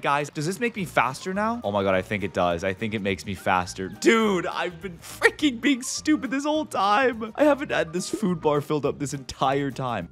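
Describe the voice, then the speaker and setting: A man hosting a gaming video, giving casual gameplay commentary with excitable, jumpy reactions and playful mock outrage. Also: a little high.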